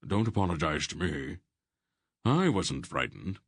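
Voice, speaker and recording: A man voicing a wise, dry-humored old sorcerer in an audiobook, speaking calmly and firmly. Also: deep voice, husky, dry recording, full character voice. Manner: calm, measured, gently firm. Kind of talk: audiobook character voice.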